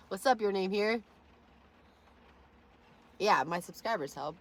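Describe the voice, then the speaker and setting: A woman's voice: mid-range voice, animated, slow. A woman livestreaming from her phone, rambling and swearing to her chat with frequent laughter. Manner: rambling, profane, laughs often.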